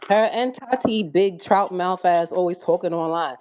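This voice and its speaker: A woman's voice: on the low side, normal speed, darkish tone, slight background noise. A woman in casual heated talk, blunt, confrontational and profane. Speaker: guest on a live audio room.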